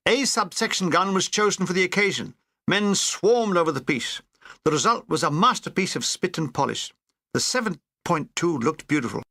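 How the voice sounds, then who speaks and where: A man's voice: fairly high pitch, gravelly, bright, forceful tone, no room sound. A man reading a comic war memoir aloud with dry, wry storytelling. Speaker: audiobook reader.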